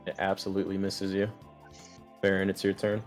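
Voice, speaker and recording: Low-voiced young man running a tabletop game. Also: monotone, brisk, over loud music. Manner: loose, rambling narration with many fillers. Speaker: game master.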